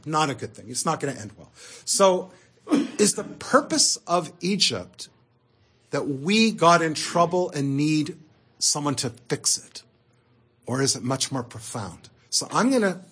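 A man giving an animated Torah lecture as a rabbi, talking conversationally and asking the audience rhetorical questions. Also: a little high, husky.

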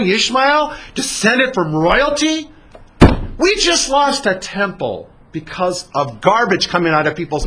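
A man's voice: mid-range voice, a bit bright, slightly rough, exaggerated voice. A man putting on an outraged righteous governor. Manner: outraged scolding, raised voice. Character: indignant righteous male governor, stern.

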